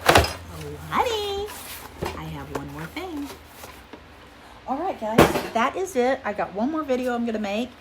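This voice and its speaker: A middle-aged woman, chatting casually through a haul video at home, rambling and goofy, sometimes talking quietly. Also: on the high side, big pitch swings, moderate pace, very noisy. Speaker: vlogger. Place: home room, indoors.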